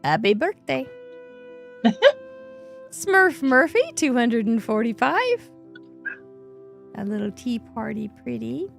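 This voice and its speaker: A woman's voice: fairly high pitch, sing-song, takes it slowly, gravelly, pauses often, faint music behind. A woman hosting a live craft show, cheerfully reading out names and card counts, laughing often. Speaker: host.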